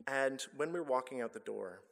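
A man's voice: medium pitch, expressive, normal speed, gravelly, fairly bright tone. Earnest man speaking in a church. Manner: earnest, conversational, some stumbles and self-corrections. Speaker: guest speaker, charity director. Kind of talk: church talk with personal story. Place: church sanctuary. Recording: long reverb of a church hall.

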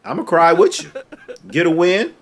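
A man's voice: fairly high pitch, sing-song, normal speed, a crowd in the background. A man ranting to the camera as a sports fan, scolding and sarcastic, repeating his points over and over.

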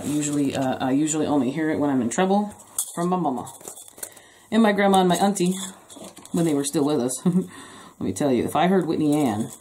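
A woman's voice: low-pitched, mellow, slight background noise. A woman hosting a casual craft tutorial from her home craft room, chatty with jokey asides. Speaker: craft video host.

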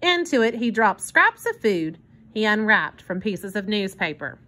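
A woman reading a children's book aloud in an expressive storytelling manner. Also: medium pitch, a little slow. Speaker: narrator.

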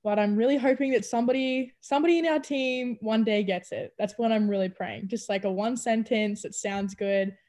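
Lively young Australian woman. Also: fairly high pitch, a little fast, hardly any pauses. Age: young adult. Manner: animated, chatty, laughs often. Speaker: college basketball player. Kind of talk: casual interview chat. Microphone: video call.

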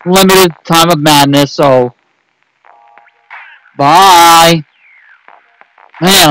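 A man's voice: high voice, a bit bright, poor audio. A man giving casual gameplay commentary, frustrated and rambling as he talks to himself about his losses. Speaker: gaming video host.

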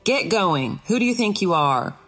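A woman's voice: medium pitch, very animated, normal speed, fairly bright tone, husky, soft background music, voice pushed up. A woman reading an audiobook, voicing an angry man who roars impatiently. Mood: furious. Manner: roaring, impatient. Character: very angry male believer, roaring.

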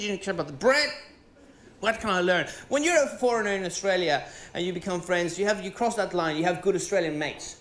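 A man from Venezuela with a Venezuelan accent and Spanish as his first language, performing a sweary, animated stand-up routine on stage. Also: high-pitched. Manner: animated, swearing, rising to exclaim. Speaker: stand-up comedian. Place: stage in a comedy venue with live audience. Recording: roomy live venue sound.

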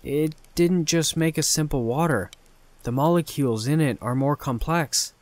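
A man voicing an excitable teenage boy inventor who rambles and boasts, raising his voice to play him. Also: a little high, normal speed, no room sound, voice pushed up, lightly acted. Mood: puzzled.

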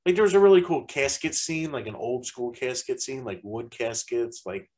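A man chats casually as he reviews a haunted house, in a middle-pitched voice. He rambles along, stacking "like" and "um" between his thoughts, and laughs easily as he tells stories. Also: normal speed, darkish tone, low-quality recording. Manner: rambling, heavy use of "like" fillers.

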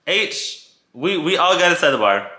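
A man's voice: a little high, very animated, normal speed, sharp tone. A man telling a casual storytime to his channel, playful and dramatic, acting out the people he quotes, in an echoey room. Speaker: vlogger.

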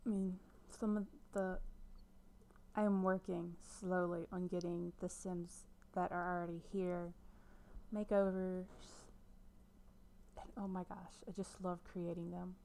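A woman giving casual commentary over a life-sim game, chatting to her viewers and often dropping into a soft whisper. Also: on the low side, level tone, unhurried. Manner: talks to viewers as "guys". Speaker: gameplay commentator.

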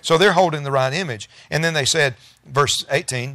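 A man's voice: medium pitch, normal speed, bright, forceful tone. A man preaching a sermon as pastor, reading scripture aloud and paraphrasing it conversationally, with bursts of emphasis. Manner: preaching with bursts of emphasis and congregation call-and-response.

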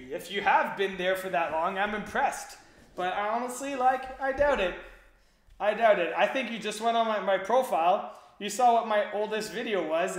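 A man's voice: sits high, a bit bright, roomy sound. A young Canadian man with a native French background, chatting casually on a livestream and reading out chat, with lots of fillers.

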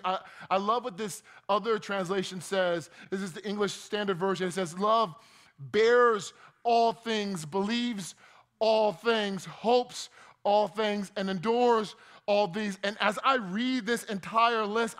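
Guy from new jersey preaching, high voice, loose jokey delivery with lots of restarts. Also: fairly bright tone. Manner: conversational and joking, with repeated restarts. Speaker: pastor. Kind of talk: sermon.

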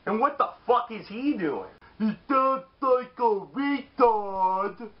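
Loud animated man on a lo-fi recording. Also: extremely high pitch, slow pace. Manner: loud, animated, swears often, shouts in mock voices. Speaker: wrestling show reviewer. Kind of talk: casual profane podcast banter. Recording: dull lo-fi sound.

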